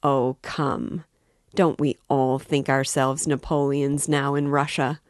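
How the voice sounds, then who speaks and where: A woman's voice: a bass voice, flat delivery, slow, no echo, studio quality. A woman reading an audiobook voices an affable, prying older male magistrate who talks with excessive politeness. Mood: amiable probing. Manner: overly polite, familiar, insinuating.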